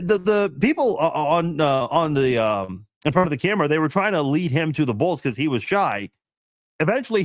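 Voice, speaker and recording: A man's voice: a little high, no room sound. A man hosting a casual live-stream chat, reading viewers' comments in a rambling, laid-back way with frequent laughs, fillers and restarts.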